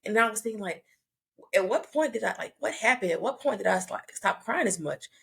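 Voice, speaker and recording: A woman in her thirties hosting a casual conversation, talking reflectively and haltingly, often restarting her sentences. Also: medium pitch, lively intonation, vocal fry, fairly bright tone.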